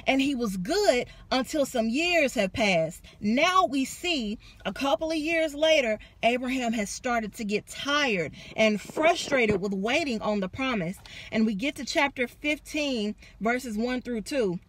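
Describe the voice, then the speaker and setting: A young adult woman giving a casual sermon, telling the story with animated, acted-out quotes. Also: on the high side, a little slow, hardly any pauses, dry recording. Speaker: preacher.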